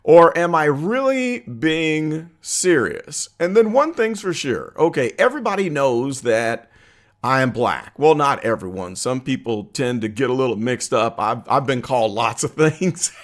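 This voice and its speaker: Lively-voiced man hosting a commentary channel. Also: medium pitch, measured pace. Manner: chatty, laughs easily, asks viewers for opinions. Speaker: political commentary channel host. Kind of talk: casual commentary to camera.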